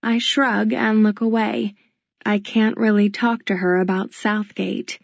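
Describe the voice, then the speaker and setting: A woman narrating a novel in the first person, in a quiet, measured, introspective way. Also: medium pitch, level tone, vocal fry, dry recording, dull audio. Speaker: audiobook narrator.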